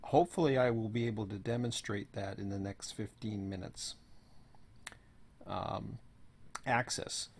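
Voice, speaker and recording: Hoarse man with a gravelly low voice. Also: a little slow, long pauses. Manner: rambling, offhand, says "blah, blah, blah". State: hoarse, losing his voice. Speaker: host of an online train-sim server. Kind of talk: casual screen walkthrough.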